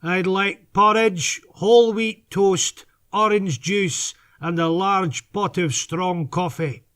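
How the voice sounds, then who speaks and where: A man's voice: high-pitched, fairly bright tone, clear, resonant tone, pitched above the performer's own voice. Man doing a mischievous Scottish sea captain. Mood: brisk. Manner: projecting, slow and mischievous. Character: gruff mischievous old male sea captain.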